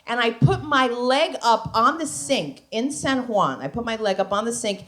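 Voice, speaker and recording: A woman's voice: on the high side, moderate pace, background noise. A woman performing a stand-up comedy set, telling wild stories with shrieks and frequent asides to the audience. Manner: animated storytelling with shrieks and asides to the crowd. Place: comedy club stage.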